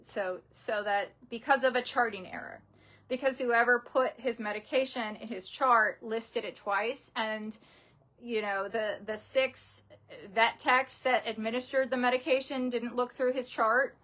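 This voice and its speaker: A young adult woman telling a painful personal story in a halting, upset way, full of restarts and fillers, grieving and close to tears. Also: fairly high pitch, steady tone, fairly bright tone. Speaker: vlogger.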